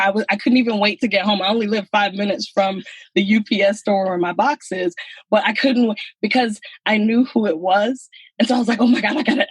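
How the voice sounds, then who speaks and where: A woman's voice: medium pitch, husky, no echo, poor audio. A woman guest on a podcast, telling her story in a heartfelt way. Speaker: guest, pharmacist and business owner. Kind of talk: casual podcast conversation.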